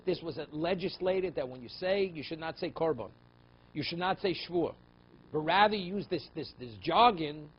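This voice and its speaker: A man's voice: fairly high pitch, lo-fi sound, slight background noise. A man, a rabbi, teaching a daily Talmud class, explaining in English mixed with Hebrew and Aramaic terms and checking in with "right?" and "okay?". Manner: rhetorical questions, frequent "right?" and "okay?".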